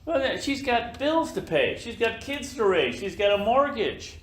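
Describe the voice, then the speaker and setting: An older man giving a slow, emphatic motivational talk to his team in an office meeting room, now and then acting out little scenes in other voices. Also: very high-pitched, sing-song, slight background noise. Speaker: business leader speaking to his team. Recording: echoey room.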